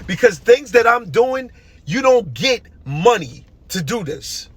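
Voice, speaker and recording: A man's voice: high-pitched, sing-song, slow, breathy edge, dry recording. A young man delivering an impassioned, emotional monologue, hammering his points with repeated phrases.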